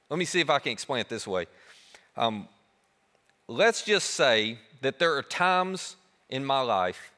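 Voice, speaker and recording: A man preaching a sermon as pastor, animated and emphatic, dropping to a soft hush on key words. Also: mid-range voice, in a large hall.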